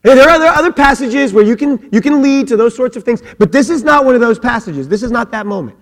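In the long, echoing reverb of a church sanctuary, a male pastor with a high voice preaches an animated sermon. He jokes throughout, adds humorous asides, and restarts himself quickly and often.

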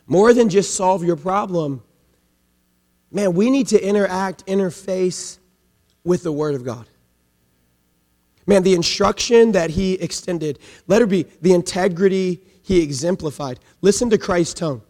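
A man preaching a sermon as pastor, swinging between loud emphatic peaks and hushed low passages, often saying "man". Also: lively intonation, measured pace, pauses often, in a large hall. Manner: repeats "man" as a filler.

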